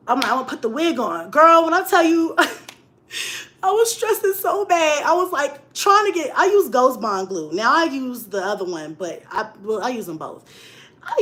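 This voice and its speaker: A young woman vlogger telling a story in casual chat, laughing often and swinging between loud bursts and hushed asides. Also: high voice.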